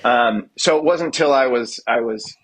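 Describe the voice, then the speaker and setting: A man's voice: mid-range voice, unhurried, husky. A man guest on a podcast, chatting casually and stopping often to restart his sentences, with a self-deprecating sense of humor. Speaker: guest musician.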